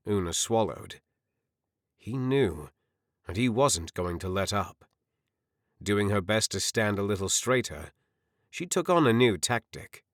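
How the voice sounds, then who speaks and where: A man narrating a fantasy audiobook with expressive storytelling. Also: on the low side, unhurried, pauses often, no room sound, clean studio sound.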